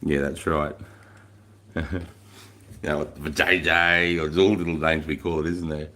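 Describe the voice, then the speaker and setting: Deep-voiced swearing livestream host. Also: male voice, flat delivery, unhurried, pushed and bright. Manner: profane, rambling, laughs often. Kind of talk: casual livestream chat, reading viewer comments aloud.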